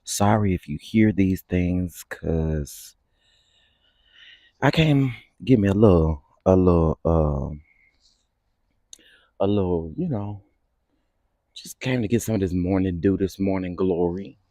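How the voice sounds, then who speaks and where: A man chatting on a casual morning livestream, greeting his viewers one by one in a playful, sing-song way. His voice sits low and warm. The sound is dry and close. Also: takes it slowly, pauses often, no room sound. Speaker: livestream host. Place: outdoors in the morning.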